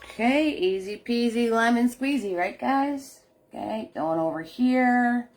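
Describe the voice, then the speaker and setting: A woman's voice: a little high, expressive, measured pace, darkish tone, soft background music. A middle-aged woman hosting a live painting class, chatting casually, laughing often and greeting viewers by name.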